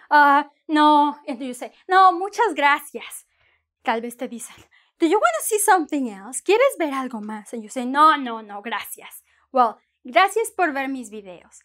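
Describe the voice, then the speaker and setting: A woman teaching a bilingual lesson, energetic and playful, acting out what a shopper and a seller would say. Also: high-pitched, moderate pace. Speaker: Spanish teacher.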